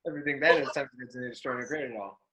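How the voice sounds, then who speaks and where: A man's voice: mid-range voice, racing, bright, forceful tone, poor audio. A man facilitating a live workshop class in a room, loose and playful, breaking into whoops. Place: room with an audience.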